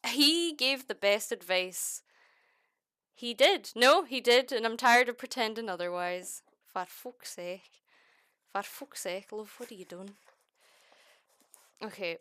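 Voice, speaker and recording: Young Scottish woman streamer, crisp and bright, dry close mic, excitable and sweary. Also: fairly high pitch, takes it slowly, no echo. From Scotland. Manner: excitable, exclaiming and swearing often. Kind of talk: casual crafting chat.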